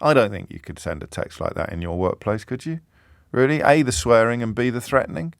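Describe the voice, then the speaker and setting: Sardonic radio host, lively delivery. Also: male voice, medium pitch, a little fast, creaky, dry recording, clean studio sound. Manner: sardonic and incredulous. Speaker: radio talk show host. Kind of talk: dramatic reading with commentary. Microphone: studio microphone.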